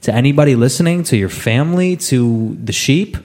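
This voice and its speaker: A man's voice: mid-range voice, fairly quick. A young man co-hosting a comedic true crime podcast, joking and laughing as he tells the case. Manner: jokey, laughing, animated delivery with silly voices. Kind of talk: comedic casual podcast banter.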